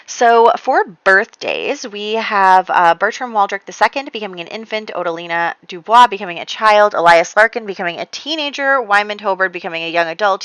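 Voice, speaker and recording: Bright-voiced woman recapping her game. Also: lowish voice, no echo, low-quality recording. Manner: chatty, rambling, many fillers and restarts. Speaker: let's play host. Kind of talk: casual gameplay recap narration.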